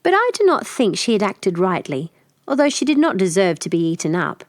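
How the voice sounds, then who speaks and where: A woman with an American accent calmly narrating a fairy tale as a storyteller. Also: medium pitch, brisk, no room sound, studio quality. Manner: gentle, even storytelling.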